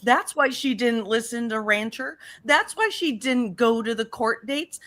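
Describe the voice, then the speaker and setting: A woman's voice: fairly high pitch, lively intonation, a little slow, hardly any pauses, fairly bright tone. A woman co-hosting a casual commentary chat, emphatic, repeating phrases and swearing. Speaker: co-host.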